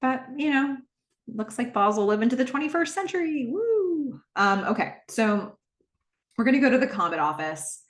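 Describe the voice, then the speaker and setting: A woman's voice: a little high, expressive, normal speed. A woman hosting a podcast, chattily recapping a TV episode with rambling asides and fillers. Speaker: podcast host. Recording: roomy echo.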